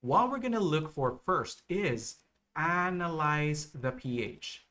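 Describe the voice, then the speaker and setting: A man teaching nursing exam material on a live stream, explaining slowly and checking in with viewers often. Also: on the high side, animated, a bit bright. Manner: slow, repetitive explaining with frequent okay and right checks.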